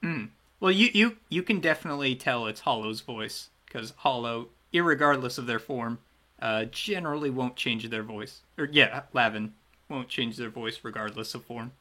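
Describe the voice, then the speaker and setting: A man's voice: medium pitch, normal speed, pushed and bright. A man running a tabletop game as game master, narrating the action in a loose, chatty way that often trails off and restarts.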